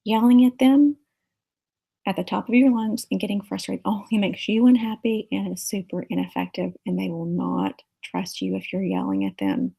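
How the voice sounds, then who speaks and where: A woman's voice: medium pitch, lively intonation, normal speed, creaky, warm tone, slightly rough, rough recording. A woman teacher giving an earnest, practical lecture on managing a classroom, illustrated with stories from school.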